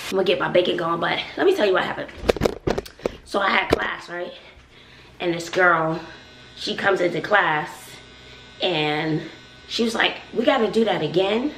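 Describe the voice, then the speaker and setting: A woman's voice: on the low side, unhurried, creaky, pauses often, distant mic, noisy background. A woman in her forties, a schoolteacher, chatting casually to viewers while cooking in her home kitchen, sassy and talkative. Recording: echoey room, voice off-mic.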